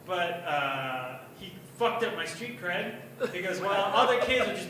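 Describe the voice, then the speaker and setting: A young man doing open mic stand-up, crude and self-mocking, with a high, bright, sharp voice. He is heard from far off in a very echoey bar, with faint noise behind him. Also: a little slow, hardly any pauses. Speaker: stand-up comedian.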